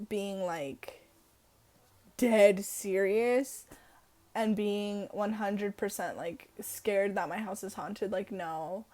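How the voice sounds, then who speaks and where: A woman's voice: mid-range voice, darkish tone. A teenage girl chatting casually to camera in a storytime vlog, full of fillers and giggles. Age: teens. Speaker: vlogger. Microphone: camera in her room.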